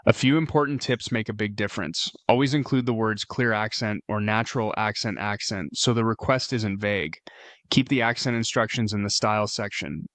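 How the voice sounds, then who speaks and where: A man reads a scripted tutorial voice-over in a fairly low voice. He walks through each step in a steady, explicit way. The sound is dry and close, with no room around it. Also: dry recording. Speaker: tutorial narrator.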